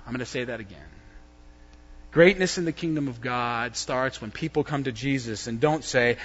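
A man preaching a sermon, swinging between loud, emphatic lines and hushed, soft ones. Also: mid-range voice, expressive, normal speed. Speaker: pastor. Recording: dull lo-fi sound with long hall reverb.

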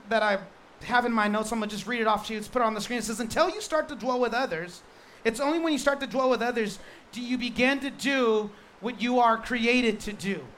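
A male pastor preaching a sermon in a lively, joking way, stressing points with quick repeated restarts. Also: extremely high pitch, slight background noise.

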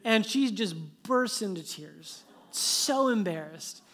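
Male pastor, sermon delivery; animated storyteller who drops to a hush for the tender parts. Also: high voice, slow pace. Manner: animated storytelling, dropping to soft hushed tones.

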